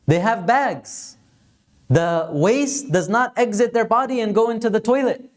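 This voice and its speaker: A man gives a religious lesson in a mosque, telling a story in an earnest, steady voice. He works Arabic words and phrases into his talk as he explains. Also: high-pitched. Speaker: religious teacher.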